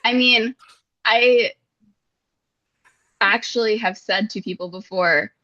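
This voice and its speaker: A woman's voice: medium pitch, slow. A woman co-hosting a podcast, telling stories casually and expressively, often laughing. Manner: animated, expressive storyteller, laughs a lot. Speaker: podcast co-host. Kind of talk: casual chat. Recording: slightly dull audio.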